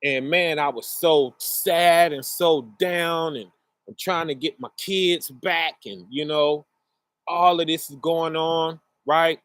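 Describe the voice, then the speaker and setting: A middle-aged man telling a personal story in a casual, earnest way, often checking in with the listener, his pace swinging between rushed and slow. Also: fairly high pitch, fairly even intonation, fairly bright tone, dry recording. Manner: conversational, often checks in with "right?" and "you know".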